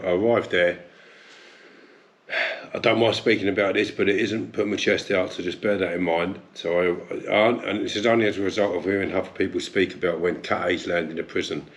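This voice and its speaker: A middle-aged man, a guest in a casual interview, telling stories in an animated way and laughing often. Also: low-pitched. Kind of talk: casual chat.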